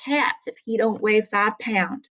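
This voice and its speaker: A sly frontier gambler drawls his offhand boasts in a folksy way, voiced by a woman reading a story aloud. His tone is easy and careless, with a mid-range pitch. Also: slow pace, fairly bright tone, highs cut off.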